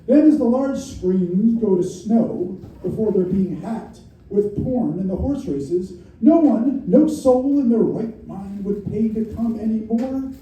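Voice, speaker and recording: A middle-aged man with a New York accent reads his poetry aloud at a live variety show, in a wry, deadpan way with many repetitions. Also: sits high, a little slow, hardly any pauses. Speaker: poet reading his work. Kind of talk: spoken-word poetry reading. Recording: very echoey room from far off, faint noise.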